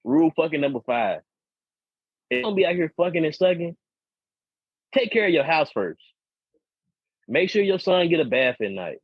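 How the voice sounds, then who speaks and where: A husky-voiced man rambles through a profane, repetitive story on a casual podcast. His sound is dry and close, with dull, lo-fi podcast audio that lacks any sparkle. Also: fairly high pitch, very animated, moderate pace, long pauses, no room sound. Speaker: podcast co-host.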